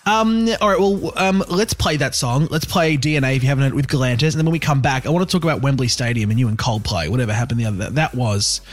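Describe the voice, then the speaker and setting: Fast, upbeat male radio host. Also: medium pitch. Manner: enthusiastic, gushing, playful. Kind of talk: radio interview.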